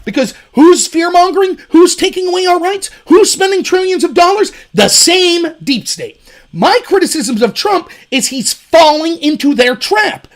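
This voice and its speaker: A man hosting a political commentary show, talking in an animated and sarcastic way. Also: extremely high pitch, normal speed. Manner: animated, sarcastic, mimics opponents mockingly. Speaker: host.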